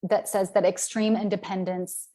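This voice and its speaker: A woman's voice: mid-range voice, flat delivery, moderate pace, mellow. A woman from the American South, a business coach speaking in a casual live-stream talk, candid and chatty with many "right?"s and "um"s.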